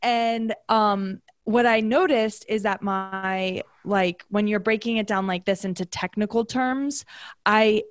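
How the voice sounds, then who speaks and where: A woman's voice: medium pitch, steady tone, takes it slowly, no room sound, studio quality. A woman candidly sharing a personal story in casual conversation, chatty and full of fillers.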